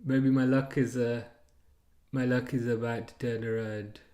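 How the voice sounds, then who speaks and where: A man's voice: medium pitch, flat delivery, unhurried, dark tone, reverberant. A man in his thirties hosting a live football watchalong, chatting, laughing and reading out viewer comments. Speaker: watchalong streamer.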